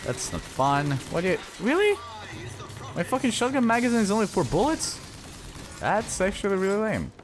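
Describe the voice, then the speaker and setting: A man talks through a shooter game, his voice leaping around from mutters to high, frustrated yells. He swears freely, and game music plays behind him. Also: moderate pace. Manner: excitable, swearing, yelling at enemies. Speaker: gaming channel host. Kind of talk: let's play commentary.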